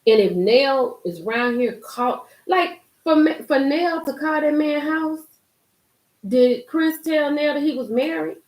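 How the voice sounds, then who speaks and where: A woman hosting a casual live-stream commentary, emphatic and animated, reading and reacting to viewer comments. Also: high-pitched, unhurried. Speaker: YouTube commentary host. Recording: roomy echo.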